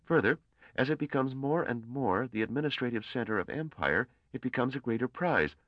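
Guy putting on a jumpy young student voice, higher than his own, on a flat dead-sounding recording. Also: brisk, no echo, lo-fi sound, lightly acted. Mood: urgent. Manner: eager, deferential, pressed. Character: earnest, anxious young male scholar.

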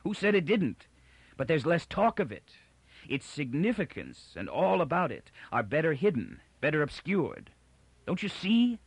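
A man's voice: medium pitch, sing-song, normal speed, no echo. A man voicing a frail, aging male psychologist who talks in a peevish, insistent way. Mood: agitated.

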